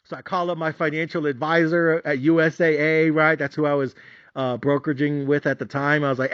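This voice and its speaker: A man hosting a podcast, telling stories in a profane, animated comedic rant that is full of repetition. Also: fairly high pitch, fairly quick. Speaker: podcast host. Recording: slightly dull, dry lo-fi recording.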